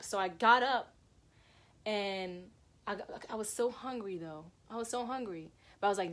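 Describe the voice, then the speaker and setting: A woman's voice: medium pitch, normal speed, a bit bright. Young woman rambling thru a story for her viewers, lots of like and y'all, keeps restarting. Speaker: vlogger telling a personal story.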